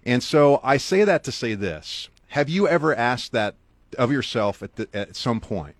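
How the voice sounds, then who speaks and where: The middle-aged author speaks a little slowly but with animation, recorded dry. Talking straight to the listener, he earnestly shares a motivational tale, his pitch and loudness rising and falling dramatically for emphasis.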